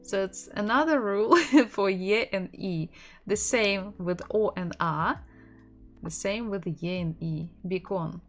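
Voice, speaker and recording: A woman with a Russian accent teaching an online language lesson, patiently repeating words slowly so learners can practice. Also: mid-range voice, faint music behind. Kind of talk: online language lesson, slow drilled pronunciation.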